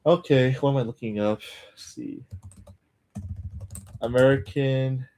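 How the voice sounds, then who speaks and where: Male streamer, mid-pitched, loose rambling chat with muttered asides. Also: steady tone, takes it slowly, mellow, slight background noise. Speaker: language-learning streamer. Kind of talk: casual live-stream chat.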